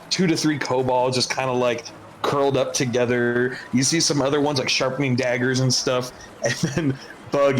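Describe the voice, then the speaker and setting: Laughing, rambling game master. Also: male voice, mid-range voice, a bit bright, a little hiss or hum, poor audio. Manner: rambling with many fillers and laughs. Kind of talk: narrating a tabletop game.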